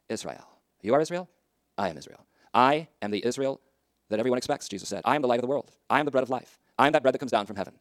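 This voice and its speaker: A man preaching a sermon, swinging between loud emphasis and hushed asides. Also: medium pitch, dry recording, clean studio sound.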